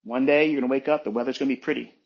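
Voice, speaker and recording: A man's voice: medium pitch, steady tone, very fast, gravelly. Male trading mentor, mid-range voice, profane and emphatic, dull lo-fi recording. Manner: blunt, profane, emphatic, repetitive. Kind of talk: profane motivational monologue.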